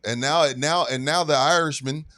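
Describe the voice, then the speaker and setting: A man co-hosting a sports podcast, chiming in casually with quick agreement and comments. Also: a little high, steady tone, pushed and bright, dry recording. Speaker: podcast co-host.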